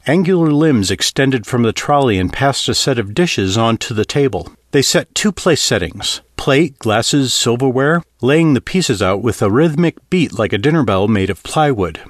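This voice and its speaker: A male audiobook narrator with a lively, roaming pitch, telling the story expressively and with steady care. The sound is dry and close, with no room around it. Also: normal speed, hardly any pauses, no room sound.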